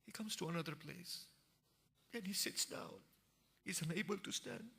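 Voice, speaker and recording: A man narrating an emotional religious story in a sermon, moving from hushed tones to impassioned cries. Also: high voice, moderate pace, vocal fry, long pauses, breathy edge. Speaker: preacher.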